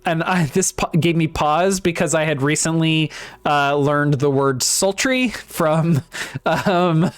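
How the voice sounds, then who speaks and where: A man's voice: fairly high pitch, takes it slowly, clear, resonant tone. A man co-hosting a casual book discussion podcast who reads passages aloud and reacts hesitantly, with frequent ums and laughter. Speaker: podcast co-host.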